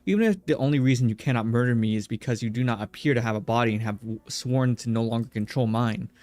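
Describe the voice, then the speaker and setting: A man's voice: medium pitch, quick pace, darkish tone, dry recording, voice pushed down, lightly acted. A man reading aloud the lines of a wary, sardonic young villainess from a visual novel. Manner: plainly read game dialogue.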